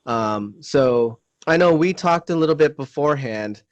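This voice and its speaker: A man's voice: fairly high pitch, animated, a little slow, no room sound, lo-fi sound. A man hosting an online interview in a casual, friendly way, often restarting his sentences. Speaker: interview host.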